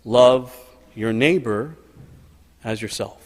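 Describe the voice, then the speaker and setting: A male pastor speaks in an earnest, personal way, repeating phrases for emphasis. His voice sits at an ordinary middle pitch. It carries a long reverb from a church sanctuary. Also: slow. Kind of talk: sermon.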